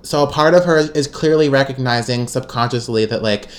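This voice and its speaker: A woman's voice: rumbling low, brisk. A woman co-hosting a podcast in casual chat, talking in loose restarts with many fillers and frequent laughs. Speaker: podcast co-host. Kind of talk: casual chat recapping a TV episode.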